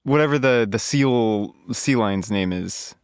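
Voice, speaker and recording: A man's voice: on the low side, measured pace, clear, resonant tone, no echo, studio quality. A man co-hosting a podcast, retelling movie scenes in casual chat with laughter. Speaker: podcast co-host.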